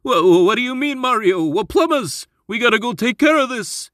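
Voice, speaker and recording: Luigi, as a man does him, jittery and high. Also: animated, fairly bright tone, dry recording, clean studio sound. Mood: eager. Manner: hurried and eager, stammering. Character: jittery adult plumber brother, eager.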